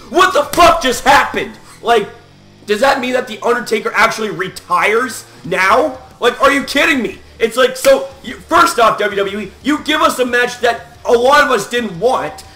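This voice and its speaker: A man giving a loud, animated reaction rant as a wrestling fan vlogger, swearing and shouting often. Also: sits high, reverberant.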